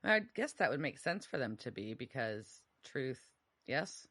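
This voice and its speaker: A woman's voice: very deep voice, sing-song, measured pace, fairly bright tone, breathy edge. A woman co-hosting a podcast, answering quiz questions in a laid-back, wry way and laughing easily. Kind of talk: casual podcast chat.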